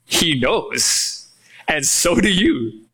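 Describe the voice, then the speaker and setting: Bright-voiced preaching man. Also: on the high side, drawn-out words, gravelly, slightly rough. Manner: animated preaching, acts out quoted voices. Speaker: pastor. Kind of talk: sermon.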